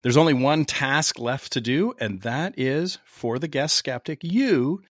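A man's voice: medium pitch, unhurried, dry recording. Guy hosting a podcast, chatty and upbeat, dry close sound. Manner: upbeat, conversational. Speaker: podcast host.

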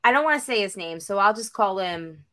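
Bright, animated woman telling a story. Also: mid-range voice, fairly quick. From North Carolina. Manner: animated storyteller who acts out the other people's voices and swears freely. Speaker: podcast co-host. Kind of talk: casual storytelling chat.

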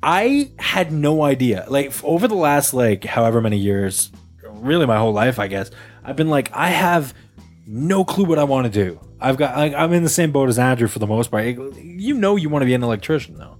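A young man hosting a casual podcast in an apartment, with a natural radio voice and a jokey, animated way of talking. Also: mid-range voice, fairly quick, soft background music. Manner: animated, jokey, slips into exaggerated bits. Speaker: podcast host.

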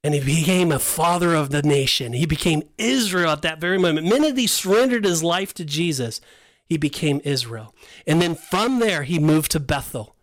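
Man, high voice, casual Bible chat, animated storytelling. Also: moderate pace, no echo. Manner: animated storytelling, acts out voices of biblical figures. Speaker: podcast co-host teaching the Bible.

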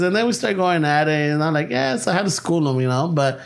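A man, telling profane, animated stories in casual chat and slipping into Spanish. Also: on the high side, fast, vocal fry, few pauses, slight background noise.

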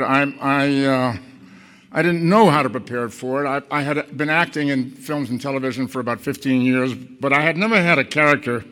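Older man telling wry stories in a hall. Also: mid-range voice. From Boston. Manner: relaxed and wry, with frequent restarts. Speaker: guest speaker. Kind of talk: anecdotal storytelling to an audience. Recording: echoey hall.

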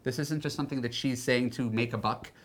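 A man's voice: mid-range voice, steady tone, brisk. A man hosting a dating podcast, who sounds upbeat and enthusiastic as he introduces his guest and the segments. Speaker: podcast host, dating coach. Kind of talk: podcast interview and show intro.

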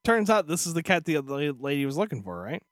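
A man co-hosting a podcast, telling stories in casual chat, animated and profane, slipping into voiced asides. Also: fairly high pitch, fast talker, no room sound, clean studio sound. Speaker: podcast co-host.

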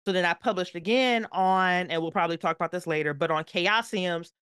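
Expressive woman guest, dry sound. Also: on the low side, a little fast, clear, resonant tone, no room sound. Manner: emphatic, expressive, playful asides. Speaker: podcast guest. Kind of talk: animated storytelling chat.

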